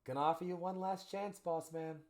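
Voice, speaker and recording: A man's voice: a little high, steady tone, fairly quick, a little mellow, pitched above the performer's own voice, natural voice. Shapeshifting trickster spirit, smug and teasing, played by a man, raised voice.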